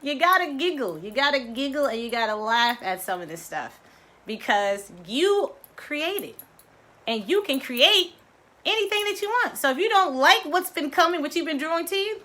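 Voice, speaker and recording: A middle-aged woman from Baltimore, a mindfulness coach giving an animated motivational talk to her viewers, laughing often and swooping in pitch. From Baltimore, United States.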